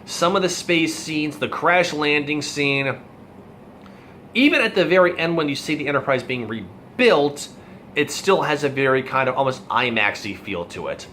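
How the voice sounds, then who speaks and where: A man's voice: a little high, animated, moderate pace, bright, forceful tone, a little hiss or hum. A young adult man giving a casual, rambling movie review, full of fillers and asides. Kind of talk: casual film review monologue.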